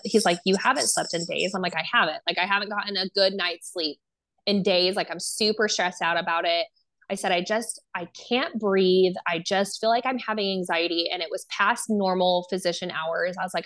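A woman's voice: medium pitch, fairly quick, fairly bright tone. A young adult woman speaking as a guest, telling a personal story casually, with lots of fillers and acted-out dialogue. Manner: casual, filler-heavy, acts out quoted dialogue. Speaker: guest sharing her story.

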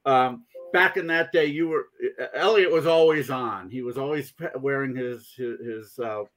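A man's voice: medium pitch, moderate pace, a bit bright. A man hosting a casual chat show, talking in a rambling way with many restarts. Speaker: podcast host.

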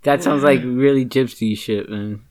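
A man's voice: mid-range voice, normal speed, a little mellow. A man in casual chat, blunt and laid-back, swearing casually.

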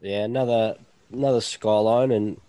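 A man's voice: fairly low pitch, fairly even intonation, normal speed, mellow, smooth, no echo. A man with an Australian accent co-hosting a podcast, talking in a blokey, slangy way with casual swearing. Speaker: podcast co-host. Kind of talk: casual chat.

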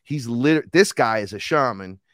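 Speaking a little slowly in a medium-pitched voice, a rapper and shaman appears as a podcast guest. In casual conversation he tells a long, animated story, swearing freely and doing other people's voices, captured in a dry recording with clean studio sound.

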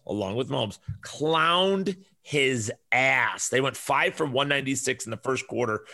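A man in his forties hosts a podcast in a loose, cursing, rambling way. His voice is gravelly with a forceful, bright edge, and he tells stories with energy. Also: mid-range voice. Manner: profane, rambling, animated storyteller. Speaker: podcast host. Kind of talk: casual podcast chat.

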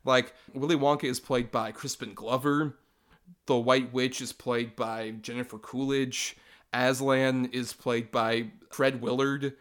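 A man's voice: mid-range voice, flat delivery, measured pace, fairly bright tone. A man in a casual podcast chat about movies, speaking wryly and sarcastically with many fillers. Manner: wry, sarcastic, filler-heavy.

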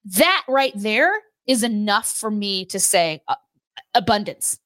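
A woman co-hosting a faith show, talking casually with her husband, animated and quick to laugh. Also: medium pitch, no room sound. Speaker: co-host of a faith teaching show.

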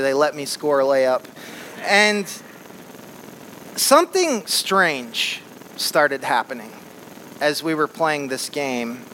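A man from Flint, Michigan, telling an animated and humorous personal story to a live audience in a large hall. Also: a little high, a little hiss or hum. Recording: long hall reverb.

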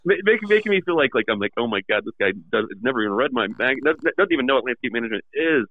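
Fast-talking man on a tinny line. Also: mid-range voice, no echo. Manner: animated storyteller, acting out quoted people. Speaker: magazine editor and podcast guest. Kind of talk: casual storytelling chat. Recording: tinny phone-like sound.

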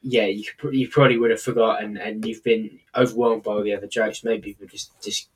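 A man with a husky voice chats as a podcast co-host. His manner is relaxed and agreeable, and he readily goes along with the other speaker. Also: fairly low pitch, brisk, rough recording. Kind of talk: casual chat.

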